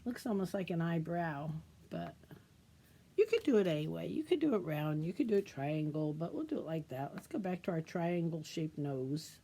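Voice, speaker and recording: With a low voice and big swings in pitch, a middle-aged librarian leads kids through a storytime craft demo at normal speed. She sounds gentle and teacherly, sing-song in delivery, and keeps asking the little ones questions.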